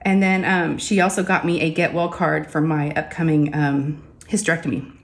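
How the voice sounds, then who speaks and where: A woman's voice: deep voice, level tone, moderate pace. A woman, chatting casually and ramblingly to her viewers from her home craft room. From Texas. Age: 40s. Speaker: crafting vlogger.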